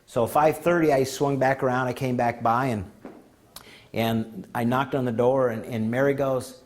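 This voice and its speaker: A man's voice: medium pitch, moderate pace. Folksy man telling stories at a conference. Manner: folksy, animated anecdotes with acted-out quotes. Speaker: conference speaker. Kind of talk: storytelling talk. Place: conference room.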